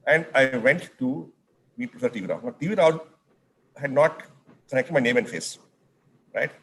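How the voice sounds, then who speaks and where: A middle-aged man with an Indian English accent, telling animated anecdotes from his student days as a speaker in an onstage conversation, slipping in Hindi phrases. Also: mid-range voice, moderate pace, slight background noise. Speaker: speaker at a summit.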